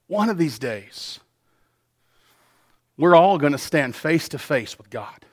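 A man preaching a sermon as pastor, earnest, swinging between soft passages and loud ones. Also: fairly high pitch, animated, slow.

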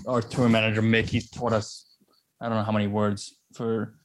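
A man's voice: lowish voice, flat delivery, normal speed, a little hiss or hum. A man in casual chat with bandmates, rambling and hesitant as he explains slang. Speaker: band member.

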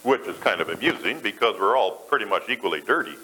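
A man's voice: on the low side, animated, fast, pushed and bright, breathy edge, rough recording. A man preaching a sermon to a church, talking conversationally and putting questions to the congregation. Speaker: pastor.

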